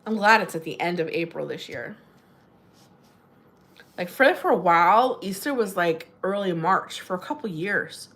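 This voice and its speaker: A woman's voice: fairly low pitch, animated, moderate pace, a bit bright. A woman hosting a casual livestream from home, chatting with viewers and laughing often, her voice jumping up when she greets them. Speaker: livestream host. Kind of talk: casual livestream chat reading comments. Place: home in New Jersey.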